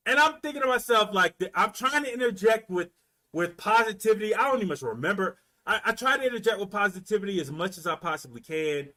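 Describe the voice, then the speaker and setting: A man from Florida telling a story in a casual, animated rant, full of profanity and repeated words. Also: high-pitched, fairly quick. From Florida, US South. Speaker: commentator.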